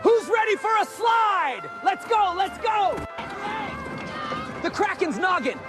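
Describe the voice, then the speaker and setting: A man's voice: very high-pitched, very animated, slow, full character voice. A man voicing an overexcited male water park tour guide with showman announcer patter. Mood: hyped. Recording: music bed behind voice.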